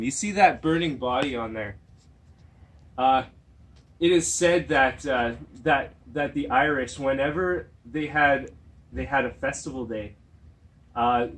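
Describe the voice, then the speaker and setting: Male gamer, mid pitch, rambling mock-serious commentary with lots of hesitation. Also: a bit bright. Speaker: speedrun player. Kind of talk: comedy gaming commentary.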